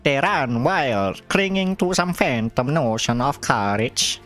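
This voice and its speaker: A man voicing a menacing, cold male prosecutor with a slow, sinister, vampire-like delivery. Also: mid-range voice, lively intonation, a bit bright, soft background music.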